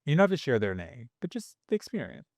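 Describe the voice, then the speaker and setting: A podcast host who asks rambling, animated questions full of restarts and "like.". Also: medium pitch, fast, dry recording, studio quality. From Tennessee, US. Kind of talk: casual interview conversation.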